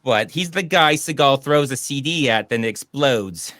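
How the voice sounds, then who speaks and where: A man hosts a casual online movie chat, talking over a video call. He rambles and gets animated retelling scenes, at a middle pitch. The sound is dry and close. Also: moderate pace, no room sound. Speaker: podcast host.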